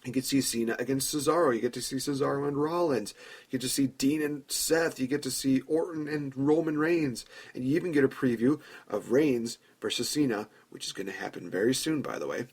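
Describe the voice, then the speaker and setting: A man's voice: medium pitch, fairly quick, slightly rough. A man hosting a podcast, telling a long story in a chatty way and acting out imagined dialogue. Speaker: podcast host. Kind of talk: casual fantasy-booking commentary.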